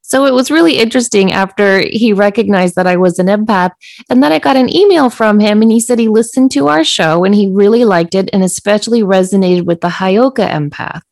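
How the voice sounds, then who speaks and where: A woman podcast co-host telling a story in casual chat, acting out quoted lines in a higher voice. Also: brisk, gravelly, darkish tone, no echo.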